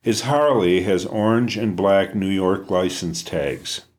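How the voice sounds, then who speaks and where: A man narrates a first-person story in a steady, measured way. His voice sits fairly low for a man. The delivery is calm, even and clear, like an audiobook.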